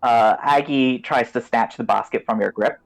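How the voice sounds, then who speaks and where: A man's voice: mid-range voice, normal speed, vocal fry, poor audio. A man as game master, giving vivid descriptive narration of a tabletop game and turning loose with fillers when he improvises.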